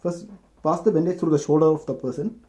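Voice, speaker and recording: A man explaining how to bandage a clavicle injury, halting and often restarting his sentences. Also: on the high side, steady tone, mellow. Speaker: medical student demonstrating first aid. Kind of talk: unscripted explanation.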